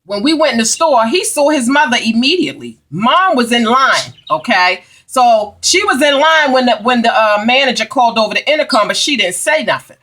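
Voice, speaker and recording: A woman's voice: fairly high pitch, animated, a little fast, hardly any pauses, a bit bright. A woman telling a heated, profane story as a vlogger, emphatic and indignant. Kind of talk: angry storytime rant.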